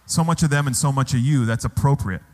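Speaking fast in a medium-pitched voice, a pastor delivers a sermon to his congregation, asking them rhetorical questions. The church hall setting gives the recording long hall reverb.

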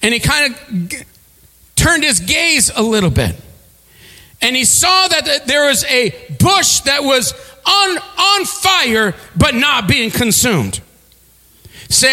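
A man preaching a sermon, telling a story with halting repeats and leading the congregation in call-and-response. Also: extremely high pitch, big pitch swings, bright, forceful tone, in a large hall. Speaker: pastor.

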